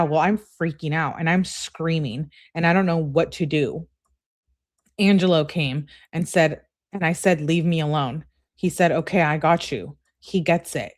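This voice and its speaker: A woman hosting a true crime channel, reading a couple's text messages aloud in a brisk relay and adding blunt, conversational asides. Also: low voice, a little mellow. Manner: reads messages in a brisk running relay of who-said-what.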